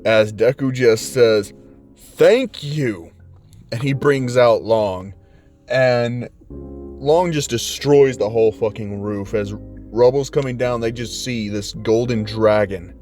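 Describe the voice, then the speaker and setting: A young man casually telling a fan-made story, in a loose, slangy style with swearing and quick voiced asides. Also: mid-range voice, darkish tone, faint music behind.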